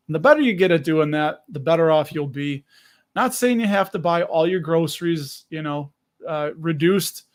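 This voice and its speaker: A chatty man hosting a casual livestream and greeting viewers by name, a little out of breath. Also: a little high. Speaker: livestream host.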